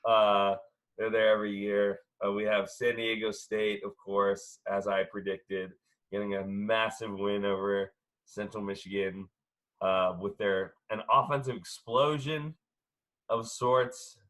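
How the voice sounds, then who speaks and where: Co-host: a man with a low, bright voice and halting delivery, chatting casually about sports from home. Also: steady tone. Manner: halting, many filler sounds. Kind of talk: casual sports podcast chat.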